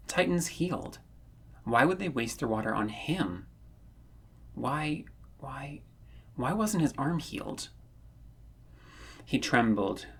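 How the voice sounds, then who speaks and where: A man narrating a fan-written story, reading in a measured, earnest way that rises when the tension builds. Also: mid-range voice, gravelly, husky. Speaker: audiobook narrator.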